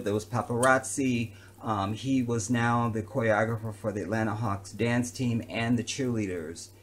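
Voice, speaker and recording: A medium-pitched man, an entertainer by profession, shares a story from his own life on camera in an animated, conversational style peppered with slang.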